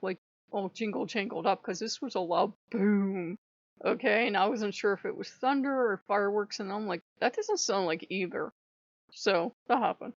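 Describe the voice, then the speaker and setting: A woman's voice: medium pitch, creaky, no echo, muffled recording. A woman telling a casual story in a blunt, chatty way, swearing freely and laughing often. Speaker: vlogger.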